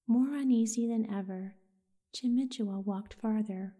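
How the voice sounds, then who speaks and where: Slow whispery woman telling a sleep story. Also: medium pitch, fairly even intonation. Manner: soft, half-whispered delivery. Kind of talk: soothing sleep story narration.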